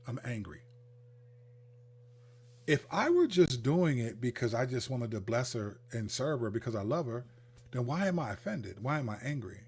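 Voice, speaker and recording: A man hosting a livestreamed Christian teaching talk, speaking in an animated, conversational way and acting out the people he quotes. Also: medium pitch. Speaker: host, Christian counselor.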